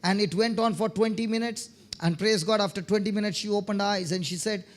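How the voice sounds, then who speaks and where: A man's voice: high-pitched, steady tone, fast talker. A man preaching a sermon, telling testimony stories, often checking in with his listeners and repeating words as he starts phrases.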